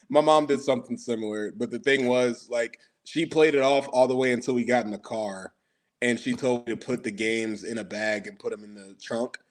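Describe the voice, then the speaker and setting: A man co-hosting a podcast in casual chat, relaxed and often laughing as he talks. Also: mid-range voice, normal speed. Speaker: podcast co-host.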